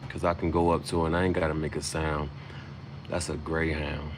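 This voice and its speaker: A man's voice: a bass voice, little pitch movement, brisk, noisy background. A man freestyling a loose, swaggering, profane rhyming monologue as host.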